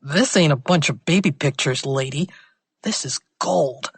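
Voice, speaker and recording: A woman's voice: low voice, measured pace, slightly rough, no room sound, exaggerated voice. A woman voicing a pushy, greedy male blackmailer in an audiobook thriller, talking in street slang. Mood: wheedling.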